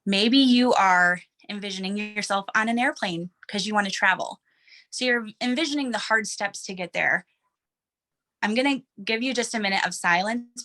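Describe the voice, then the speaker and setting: A woman's voice: mid-range voice, pushed and bright. A woman in her thirties giving an emotional, earnest motivational talk to her team from a room at home. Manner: emotional and earnest, with restarts and small laughs.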